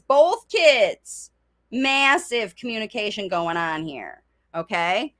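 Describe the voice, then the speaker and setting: A woman's voice: sits high, expressive, slow, pushed and bright. A middle-aged woman coaching parents in a chatty live-streamed talk, often speaking in a child's voice. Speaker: speech coach.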